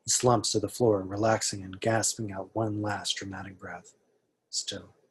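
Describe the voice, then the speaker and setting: A man reading the stage directions at an amateur table read, steady and matter-of-fact. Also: fairly low pitch, a little slow, a little hiss or hum.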